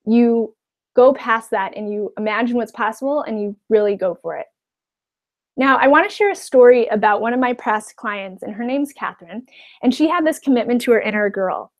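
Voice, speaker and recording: A woman's voice: a little high, normal speed. A woman life coach giving a webinar talk, encouraging, often checking in with "okay?" and acting out the voices of others.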